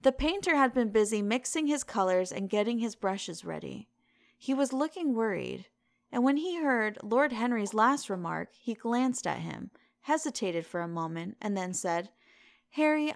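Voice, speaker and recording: A woman narrating an audiobook in a steady, measured reading style. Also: medium pitch, gravelly, no room sound. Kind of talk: scripted narration.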